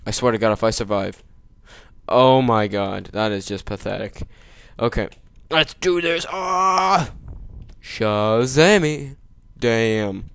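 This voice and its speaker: A man doing gameplay commentary, joking, making sarcastic asides and yelling at the game. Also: on the low side, unhurried, creaky, clean tone, no room sound. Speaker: let's play gamer.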